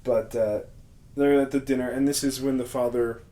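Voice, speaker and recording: A man's voice: medium pitch, steady tone, moderate pace, mellow. A man co-hosting a podcast, casually recapping a horror film, laughing often and acting out the characters' lines. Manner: laughs often, acts out scenes in quoted voices. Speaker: podcast co-host. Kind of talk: casual movie recap chat.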